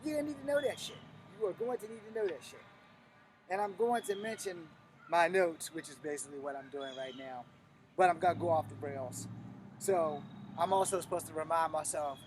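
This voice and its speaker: A man's voice: fairly high pitch, fairly quick, noisy background. A middle-aged man, a martial arts instructor, giving a blunt, profane, emphatic teaching talk on a live stream.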